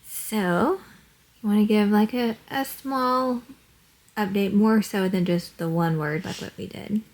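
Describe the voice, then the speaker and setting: Mom vlogging at home, chatty, keeps asking her kid stuff, mid-pitched voice. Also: unhurried, a little mellow. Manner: chatty, prompts her daughter with questions. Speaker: family vlogger, single mom. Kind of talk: casual chat. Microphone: handheld camera.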